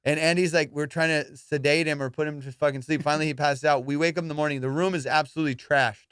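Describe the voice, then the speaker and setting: Profane, animated man telling party stories. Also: a little high, fast talker, clear, resonant tone, dry recording, clean studio sound. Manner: profane, animated storyteller who acts out friends' lines. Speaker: podcast host. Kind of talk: casual storytelling chat.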